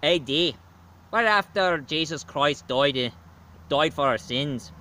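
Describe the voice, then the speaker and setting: A man's voice: a little high, expressive, takes it slowly, pushed and bright, exaggerated voice. A man doing a cheeky Irish leprechaun. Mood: storytelling. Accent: put-on Irish brogue. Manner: jolly, chummy, drops laddie and aye. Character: cheeky male leprechaun, boastful and flirty. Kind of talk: storytelling character voice.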